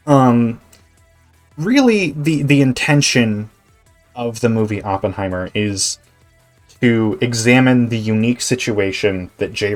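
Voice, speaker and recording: A male Twitch streamer chatting casually while gaming, rambling, animated, and swearing freely. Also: lowish voice.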